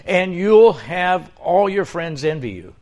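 A man's voice: lively intonation, slow pace, darkish tone. An older man voicing a pushy talking frog that promises to become a beautiful woman, coaxing and insistent. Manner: coaxing, sales-pitch.

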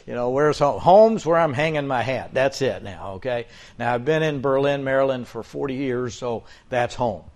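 A man in his seventies preaching a sermon, folksy and storytelling, with joking asides to the congregation. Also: medium pitch. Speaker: pastor.

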